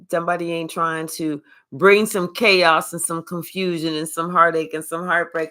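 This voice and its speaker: A woman doing a live tarot reading, talking in a sassy, profane, animated way and chatting with her viewers. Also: lowish voice. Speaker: tarot reader.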